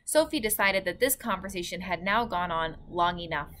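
A woman teacher reading a storybook aloud to children, with calm, clear narration. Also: lowish voice, moderate pace, a little hiss or hum.

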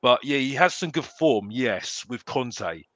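A man's voice: mid-range voice, lively intonation, measured pace, fairly bright tone, dry recording. A man chatting casually as a fan panelist, rambling with many restarts and repeated phrases.

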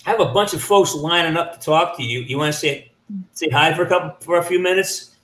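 A man hosts a video call show from a roomy, echoey space. His voice sits a bit high, and he keeps things moving with friendly, brisk moderating. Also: a bit bright. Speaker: host. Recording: roomy echoey room sound.

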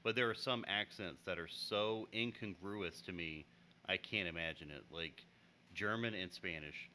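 Low-voiced American man, animated chatter. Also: unhurried, slight background noise. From United States. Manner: animated, laughing, acts out customers in voices. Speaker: podcast co-host. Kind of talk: casual chat.

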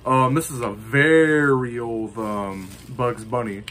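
A man's voice: mid-range voice, fairly even intonation, slow pace, a bit bright, a little hiss or hum. A man casually showing off his collection to the camera, rambling with lots of ums and you-knows. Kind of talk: casual show-and-tell.

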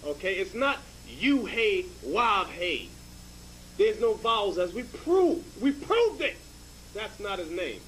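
A man's voice: sits high, sing-song, unhurried, a bit bright, slight background noise, low-quality recording. A man giving informal Bible teaching, emphatic and repetitive, often checking with "okay?". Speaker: religious teacher.

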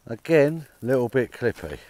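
Upbeat bloke out in a field detecting, chatty, middle pitch voice, talks to the camera. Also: male voice, very animated, moderate pace, darkish tone. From England. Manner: chatty, upbeat, calls viewers guys. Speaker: metal detecting vlogger. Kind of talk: casual outdoor vlog commentary. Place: open farm field outdoors.

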